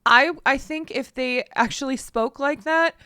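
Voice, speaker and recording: A woman's voice: sits high, a little slow, bright, forceful tone, no room sound, clean studio sound. A woman co-hosting a casual podcast, making wry remarks and laughing asides. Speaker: podcast co-host.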